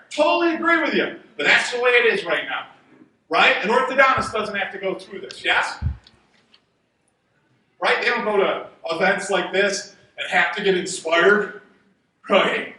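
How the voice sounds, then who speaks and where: Fiery, high-pitched man on a stage, booming through a hall. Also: a little slow. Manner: energetic, shouting at peaks, drops to a hushed aside. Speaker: chiropractor speaking at a seminar. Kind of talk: motivational stage talk. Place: large event hall with an audience. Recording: roomy hall reverb, heard from a distance.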